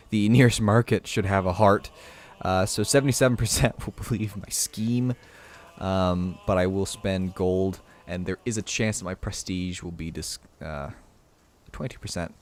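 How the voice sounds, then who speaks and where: A man giving casual live commentary while streaming a strategy game, thinking out loud and reading the game's text aloud. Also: low-pitched, normal speed.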